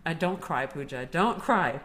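A woman with a notably low voice co-hosts a podcast in relaxed conversation. She tells stories with energy, and she laughs easily between her points. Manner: chatty, animated storytelling with laughs. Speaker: podcast co-host. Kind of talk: casual chat.

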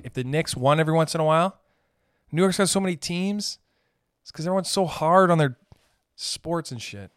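A man hosting a podcast, ranting in a rambling, profane, comedic way and slipping into quick character voices. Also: medium pitch, fairly bright tone, clear, resonant tone, no room sound, studio quality. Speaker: podcast host. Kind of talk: casual comedic rant.

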